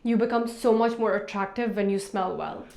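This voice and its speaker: A woman's voice: mid-range voice, steady tone, normal speed, vocal fry, a little mellow. A woman in her twenties giving frank, chatty life advice to camera in a big-sister tone. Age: 20s. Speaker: lifestyle vlogger. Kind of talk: casual advice talk to camera.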